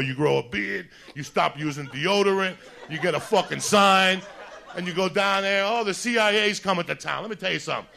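Male stand-up, bright gravelly voice, loud mocking profane rant. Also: a little high. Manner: loud, mocking, swearing constantly. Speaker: comedian.

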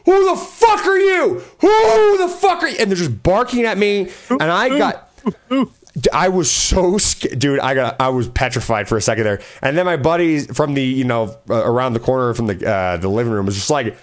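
A man's voice: mid-range voice, lively intonation, a little fast. A man in casual chat, telling loose stories with lots of swearing and laughter. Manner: rambling storyteller, swears a lot, laughs often.

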